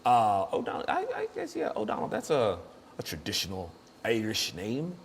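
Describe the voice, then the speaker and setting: Guy hosting a show, rambling and joking around, bouncy pitch, bit of hiss behind. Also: huge pitch swings, normal speed, gravelly. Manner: jokey, rambling, laughs often. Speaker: show host. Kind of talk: casual comedic chat.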